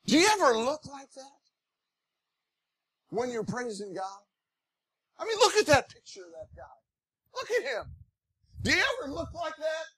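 A pastor preaching a sermon in a folksy, conversational way, growing animated and breaking into shouts of praise. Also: male voice, very high-pitched, normal speed, long pauses, no echo.

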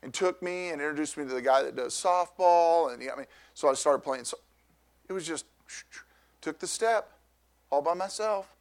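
A middle-aged man, a pastor, telling a personal story in a sermon, loud and animated, with lots of restarts. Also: a little high, moderate pace.

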